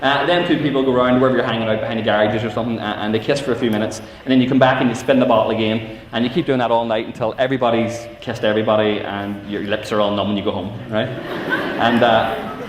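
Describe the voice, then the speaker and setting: A man's voice: medium pitch, fairly even intonation, quick pace, hardly any pauses, slight background noise. A middle-aged Northern Irish man telling funny stories to teenagers, acting out voices and asides. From Northern Ireland. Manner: storytelling with acted-out voices and asides. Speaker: youth speaker. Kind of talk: humorous talk to teenagers. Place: large civic hall. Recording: echoey hall from far off.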